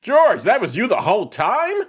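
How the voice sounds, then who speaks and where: A man's voice: high voice, wildly swooping pitch, moderate pace, very noisy. A man hosting a podcast in casual, playful chat, laughing easily. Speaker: podcast host.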